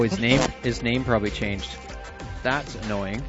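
A man's voice: mid-range voice, unhurried. A man hosting an internet radio show, chatting loosely and joking, with casual swearing and frequent laughs. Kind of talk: casual chat. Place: small room at home with the window shut. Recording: dull lo-fi sound, faint music.

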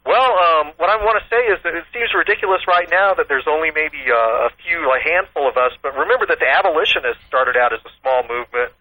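A man calls in to a radio interview, talking fast in a very bright, thin voice. He sounds earnest and unbothered, and the line is tinny and dry. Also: a little high, dry recording. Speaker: guest, activist.

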